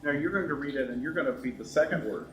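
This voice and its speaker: A man's voice: fairly high pitch, quick pace, fairly bright tone, far from the mic. A man co-leading a workshop, jokey and demonstrative as he banters with his co-presenter. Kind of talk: lunchtime workshop talk. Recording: echoey room with faint noise.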